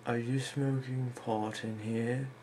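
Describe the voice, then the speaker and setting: A man's voice: mid-range voice, little pitch movement, takes it slowly, warm tone, slight background noise, natural voice. A man putting on the voice of his weary, unimpressed father in a comic story, drawling each word. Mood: suspicious. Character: gruff, weary middle-aged father. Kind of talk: comedic storytelling.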